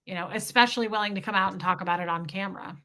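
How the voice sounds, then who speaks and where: A woman co-hosting a livestream, chatting warmly with her partner and thanking viewers by name. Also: medium pitch, steady tone, racing, poor audio. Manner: effusive, talks straight to viewers. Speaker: co-host. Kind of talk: livestream chat reading comments.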